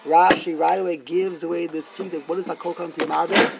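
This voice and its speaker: A man's voice: fairly high pitch, flat delivery, brisk, vocal fry, very noisy. A man giving a Talmud class lecture, explaining emphatically and repeating himself, mixing Yiddish and Hebrew terms. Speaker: Talmud teacher.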